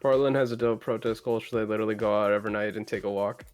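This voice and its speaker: A man's voice: lowish voice, fairly even intonation, very fast, soft background music. A man from Los Angeles co-hosting a live stream, chatting casually and reacting to what is on screen. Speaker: stream co-host. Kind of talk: casual chat.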